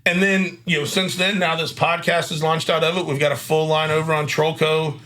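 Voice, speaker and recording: A man hosts a relaxed chat in a bright, forceful voice pitched a touch high. He tells stories in an upbeat, chatty way and keeps checking in with his listener. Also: brisk. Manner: upbeat, chatty storytelling with frequent "you know what I mean". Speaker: podcast host. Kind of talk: casual chat.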